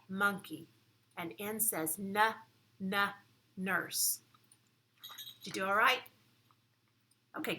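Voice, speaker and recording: A woman teaching preschoolers in a classroom, speaking clearly and instructively, one step at a time. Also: medium pitch, pushed and bright. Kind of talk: children's lesson.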